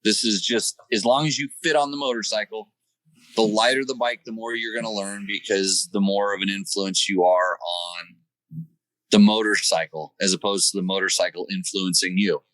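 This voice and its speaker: A man's voice: lowish voice, steady tone, moderate pace, fairly bright tone, no room sound, low-quality recording. A man hosting a riding-tips show by phone from the roadside, answering viewer questions with a joking, coaching manner. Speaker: host and riding coach calling in. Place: by the side of a road. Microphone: phone call-in.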